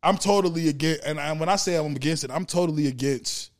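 Male podcast host, fairly high voice, profane, emphatic, repetitive. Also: fast talker. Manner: emphatic, profane, repeats words. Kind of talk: casual chat.

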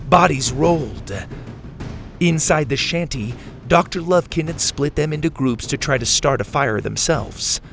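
A man narrating a storybook with a dramatic, expressive reading. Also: fairly high pitch, gravelly.

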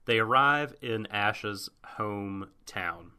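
A man in casual podcast chat, recapping an anime episode slowly and rambling with lots of fillers. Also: lowish voice, expressive, bright, forceful tone, clean tone. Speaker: podcast co-host.

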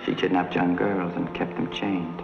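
A very deep, heavily gravelly man, savors every gruesome detail of a cruel story. The sound is dull and lo-fi, with loud film music underneath. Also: little pitch movement. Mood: lurid. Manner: slow, relishing gruesome storytelling. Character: grim man relishing a gruesome tale of torture.

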